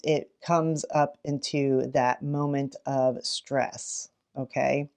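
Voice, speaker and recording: A middle-aged woman teacher sharing read-aloud tips in a lively, dramatic way, gasping now and then to build suspense. Her voice sits fairly low for a woman. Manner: animated, dramatic, with gasps. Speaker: teacher and children's librarian.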